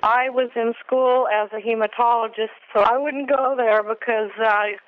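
A woman on the phone defends her taste in television against a rude clerk, laughing as she goes. Her voice is high and smooth. The phone line is thin and tinny. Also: fairly even intonation, moderate pace. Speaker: caller. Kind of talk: phone call.

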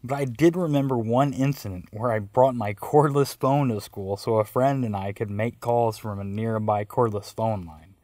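A man's voice: mid-range voice, normal speed, few pauses, a little mellow, no echo. A man telling a first-person story with wry, self-mocking narration.

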